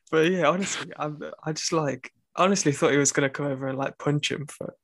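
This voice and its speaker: A man's voice: a little high, no room sound. A young man, a university student, telling a rambling story in casual chat, full of fillers and restarts.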